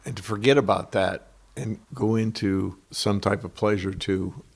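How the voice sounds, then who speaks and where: A man in a spiritual discussion group, explaining his thoughts slowly and reflectively. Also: fairly low pitch, fairly even intonation, gravelly, husky.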